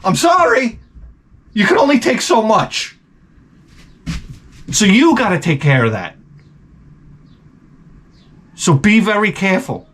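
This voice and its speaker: A fairly high-voiced man rants through his advice, blunt, exasperated and full of swearing. He rambles and circles back on himself, a little tipsy from the beer, in a loose comedic vlog style. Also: huge pitch swings, slow, long pauses, a bit bright. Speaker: advice vlogger answering viewer questions.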